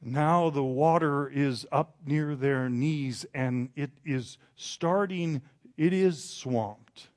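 Dramatic preacher man with a fairly high voice. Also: slow. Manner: dramatic storytelling, shouts acted quotes, then quiet and confessional. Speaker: pastor. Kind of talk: sermon.

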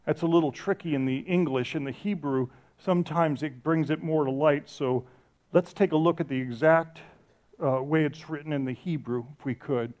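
A middle-aged man preaching a sermon with a fairly high voice. He speaks passionately, telling stories and restarting his sentences as he goes. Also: moderate pace, a little mellow. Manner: passionate, storytelling with restarts and self-corrections. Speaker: pastor.

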